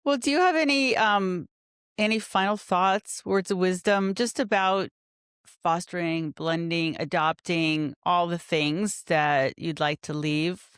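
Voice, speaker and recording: A woman's voice: lowish voice, a little slow, clear, resonant tone, no room sound, studio quality. A woman from the American Midwest hosting a casual podcast interview, effusive and rambling, often interrupting herself. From Kansas City area, US Midwest. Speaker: podcast host.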